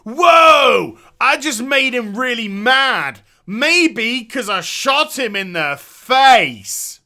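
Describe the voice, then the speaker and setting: A man's voice: extremely high pitch, sing-song, extremely slow, voice pushed up, heavily acted. A man mocking a dim, cocky young soldier. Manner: mocking imitation, loud.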